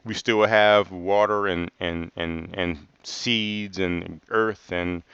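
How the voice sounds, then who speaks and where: A man's voice: low-pitched, steady tone, slow, fairly bright tone, clean tone, no room sound, dull audio. A man hosting a livestream and answering live comments in a loose, rambling way, laughing often and saying "man" a lot. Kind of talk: casual livestream chat.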